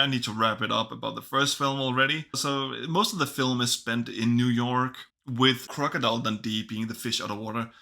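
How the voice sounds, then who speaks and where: A man's voice: mid-range voice, gravelly, sharp tone. A man casually reviewing films, chatty and enthusiastic. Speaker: film reviewer. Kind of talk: casual video review commentary.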